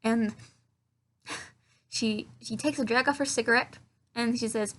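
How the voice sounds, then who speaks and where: Sarcastic woman reviewer with a profane recap delivery and a bright, slightly high voice. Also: fairly even intonation, a little slow. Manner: sarcastic, profane, mocking movie dialogue in silly voices. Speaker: film reviewer. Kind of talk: casual comedic film recap.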